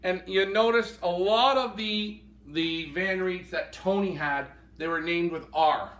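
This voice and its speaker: High, bright-voiced man commentating a live auction. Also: a little slow. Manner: enthusiastic, appraising birds in hand. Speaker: pigeon handler and auction co-host. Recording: roomy sound from a distance.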